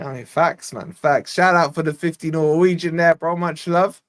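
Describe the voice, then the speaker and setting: Exasperated young fan commentating live. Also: male voice, fairly high pitch, fairly even intonation, moderate pace, few pauses. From Scotland. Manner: exasperated, chatty play-by-play with fan shout-outs. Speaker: fan channel host. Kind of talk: live watch-along match commentary.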